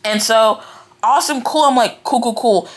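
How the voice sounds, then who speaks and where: A young woman giving a casual, animated book reaction, ranting in exasperation and filling her talk with "like" and "right?". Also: fairly high pitch, moderate pace. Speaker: book reviewer. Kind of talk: casual reading-reaction rant.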